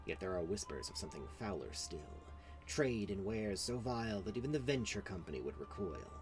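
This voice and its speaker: A brooding, grim woman investigator, voiced by a man reading game quest text speaks low and slow. Her delivery is dark and ominous, with lively swings in pitch. Faint game music plays behind her.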